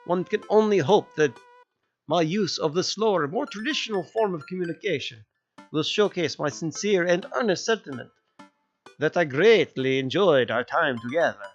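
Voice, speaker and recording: A man voicing a formal, old-fashioned gothic gentleman with a flowery, overly formal manner. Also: fairly high pitch, moderate pace, highs cut off, faint music behind, voice pushed up, close to an everyday voice. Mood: earnest.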